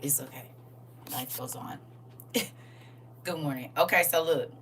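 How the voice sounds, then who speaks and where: A woman's voice: deep voice, takes it slowly, fairly bright tone. A middle-aged woman at home, casually chatting with her livestream viewers. She greets them by name and laughs often. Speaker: livestream host. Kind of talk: casual morning livestream chat. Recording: slightly distant mic with faint hum.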